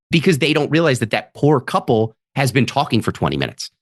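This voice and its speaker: A man's voice: medium pitch, fast, dry recording, studio quality. A man, a comedian guest on a podcast, telling stories in casual chat and acting out other people's lines as he goes. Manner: animated, acts out audience members' voices in quotes.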